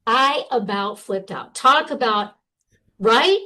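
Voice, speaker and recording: A middle-aged woman guest telling a personal story in a casual, animated way, with many fillers. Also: on the high side, slow, poor audio.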